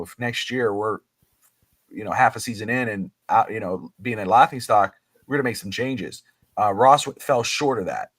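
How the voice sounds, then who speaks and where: A man hosting a casual sports talk show, animated and opinionated, with many fillers and restarts. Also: lowish voice, no echo. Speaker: podcast host. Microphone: livestream mic.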